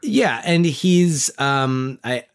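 A man's voice: mid-range voice, lively intonation, extremely slow, clean tone. A man in his thirties co-hosting a podcast, chatting casually with many restarts and fillers. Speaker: podcast co-host. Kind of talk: casual chat.

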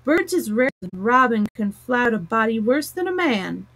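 A woman's voice: on the high side, big pitch swings, moderate pace, fairly bright tone, dry recording, full character voice, low-quality recording. A woman voicing a good-humored country boy with broad dialect words like thee and thou, read aloud as a storybook. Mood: friendly. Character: cheerful country boy who talks to animals.

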